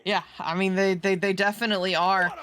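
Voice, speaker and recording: A man calling an esports match play by play, quick and excitable, cracking jokes between plays. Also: high voice, crowd noise. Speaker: esports caster. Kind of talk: play-by-play commentary.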